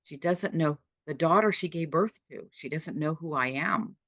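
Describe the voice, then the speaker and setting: A woman's voice: sits low, normal speed, a bit bright, no echo. Dry-sounding woman in her sixties, telling it vividly. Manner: vivid, dramatic retelling with short punchy sentences. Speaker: guest, dementia caregiver. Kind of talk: personal storytelling.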